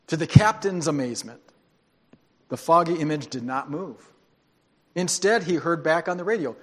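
Pastor guy preaching, goes quiet then loud telling a story, kinda high voice, echoey church hall. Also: expressive, normal speed, pauses often. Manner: dramatic storytelling, swings from hushed to loud. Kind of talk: sermon. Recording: long hall reverb.

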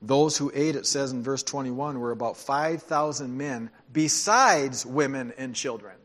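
A man preaching a sermon as pastor, speaking conversationally and dropping into quiet, emphatic asides. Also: medium pitch, measured pace.

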